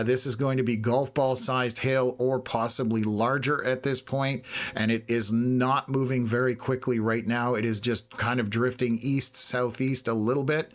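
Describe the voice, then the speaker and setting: A man commentates a live storm tracker in a level, even-pitched voice. He sounds a little hoarse, as if he is losing his voice. He talks at an unhurried pace and fills his pauses with "uh.". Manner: steady, unhurried, lots of "uh" pauses. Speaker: weather stream host.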